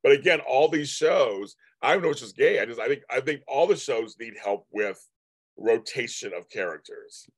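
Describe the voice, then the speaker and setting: A man's voice: mid-range voice, animated, moderate pace, husky, dry recording. Guy rambling on his livestream, chatty and repetitive, talking to the chat, dry room, mid voice. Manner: rambling, repeats himself, chatty asides to viewers. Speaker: livestream host. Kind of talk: casual live-stream chat reading viewer comments.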